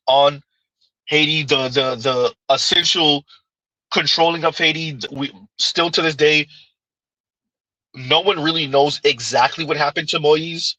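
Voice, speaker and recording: A man's voice: on the high side, bright, forceful tone, no echo, rough recording. A man giving casual livestream commentary, arguing his point with pointed rhetorical questions and reading chat comments aloud.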